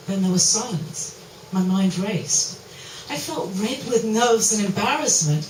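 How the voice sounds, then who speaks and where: A woman reading a first-person memoir aloud with a frank, lively delivery, in a roomy recording taken from a distance. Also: medium pitch, a little hiss or hum. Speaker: storyteller.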